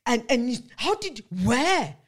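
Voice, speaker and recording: A woman interviewer asking halting, probing questions. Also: a little high, very animated.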